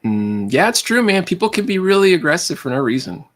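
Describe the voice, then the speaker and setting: This livestream host from California has a fairly high, very animated voice and talks a little fast. Laughing often, he rambles between thoughts and addresses viewers as "man" and "dude" on his casual stream.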